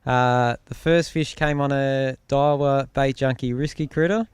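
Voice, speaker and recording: A man, an angler, answering the host's questions at an outdoor weigh-in in a relaxed, plain-spoken way. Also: medium pitch, unhurried, clear, resonant tone, dry recording. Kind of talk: casual interview answers.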